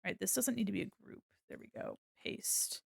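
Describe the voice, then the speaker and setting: A woman's voice: medium pitch, a little fast, vocal fry, husky, no room sound, studio quality. A woman streaming as an illustrator, chatting casually while she draws, bubbly and giggly, rambling with many fillers. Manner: bubbly and giggly, with gushing greetings. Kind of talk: casual livestream chat while drawing.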